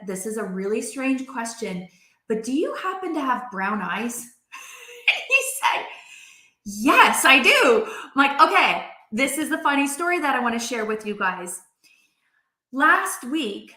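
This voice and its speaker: Woman host in her 40s, chatty live-video storyteller, high bright voice, echoey room. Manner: chatty, animated, acts out quoted voices. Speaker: life coach hosting a live video. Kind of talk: casual storytelling to viewers.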